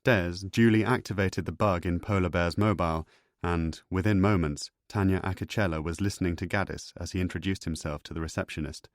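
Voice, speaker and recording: A man reading an audiobook thriller in a measured, even storytelling voice. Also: sits low, no room sound, studio quality. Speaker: audiobook narrator. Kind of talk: scripted narration.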